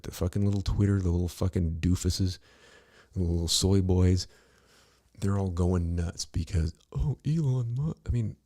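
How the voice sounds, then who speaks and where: Gravelly deep-voiced man, blunt and rambling. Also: dark tone. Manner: rambling, blunt and profane, full of "you know". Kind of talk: casual podcast conversation.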